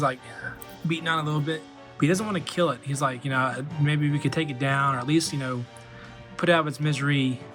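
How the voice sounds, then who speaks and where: A man in his forties, a toy collector hosting a video, recapping a movie casually with lots of fillers. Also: mid-range voice. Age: 40s. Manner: rambling, many fillers.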